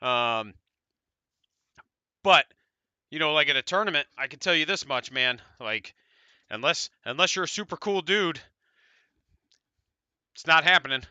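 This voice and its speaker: A man's voice: fairly high pitch, expressive, a little slow, pauses often, bright, forceful tone, clean tone, no room sound. A man with an American accent, co-hosting a podcast and chatting casually in a rambling, laid-back way, swearing now and then. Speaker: podcast co-host. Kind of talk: casual tabletop wargame discussion.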